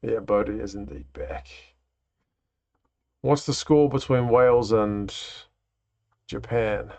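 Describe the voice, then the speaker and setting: A man's voice: fairly low pitch, takes it slowly, darkish tone. A man hosting a casual live watch-along, reacting to play and chatting with viewers. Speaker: livestream host. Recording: dull lo-fi stream audio.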